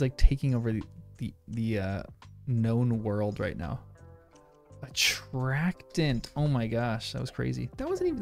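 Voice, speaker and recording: A man chats loosely with his stream audience as he works through a crossword, rambling from thought to thought and laughing often. His voice has a gravelly fry to it at a middle pitch. Soft music runs quietly underneath. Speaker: livestreamer. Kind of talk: casual chat while solving a crossword.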